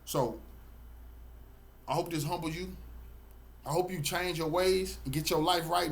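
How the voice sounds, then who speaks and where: A middle-aged man speaks straight to his viewers in a preachy, emphatic flow. His voice sits a little high for a man, and he stacks up repeated words when he's fired up. It's a loose, heartfelt monologue to camera. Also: moderate pace, pushed and bright, slight background noise. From Texas, Galveston County. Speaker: channel host and community activist.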